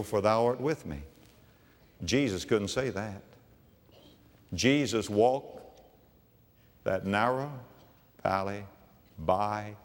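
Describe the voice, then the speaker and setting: A man preaching a sermon, swinging from loud declarations to hushed low phrases, with slow emphatic repetition. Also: in a large hall.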